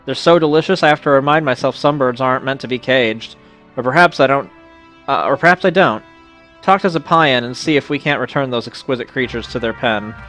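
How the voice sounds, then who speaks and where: A man reading out the game lines of a fussy, pun-loving male sheep farmer, a bit theatrical and louder than his own talk. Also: medium pitch, fairly quick, faint music behind, natural voice. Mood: enthusiastic. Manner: punning, a little theatrical. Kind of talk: reading game dialogue aloud.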